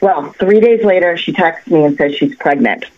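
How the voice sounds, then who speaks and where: A woman who works as a psychic, telling a story on a cable access talk show in an animated, chatty way with lots of fillers and restarts. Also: on the low side, moderate pace, dull audio. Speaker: psychic guest. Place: local access TV studio.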